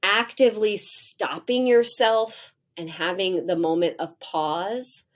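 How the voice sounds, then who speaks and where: A woman's voice: medium pitch, takes it slowly. A woman in her forties talking candidly as an interview guest, laughing often and acting out her own angry outbursts. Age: 40s. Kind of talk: casual interview talk.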